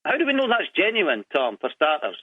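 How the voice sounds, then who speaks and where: A man's voice: fairly high pitch, wildly swooping pitch, a little fast, slightly rough, no echo. A man co-hosting a radio talk show, questioning the host and playing devil's advocate. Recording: tinny phone-line sound, dry.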